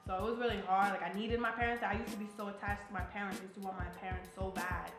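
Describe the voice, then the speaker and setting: This is a blunt young New Jersey woman, an army soldier, casually telling personal stories in an interview, full of profanity. She talks quickly in a flat, mid-range voice, against a roomy echo and faint background music.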